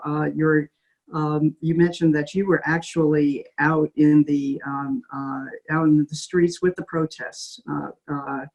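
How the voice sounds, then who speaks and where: A middle-aged woman hosting an interview, speaking haltingly with many fillers and restarts. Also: sits low, a little mellow, poor audio. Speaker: interviewer host. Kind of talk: video call interview.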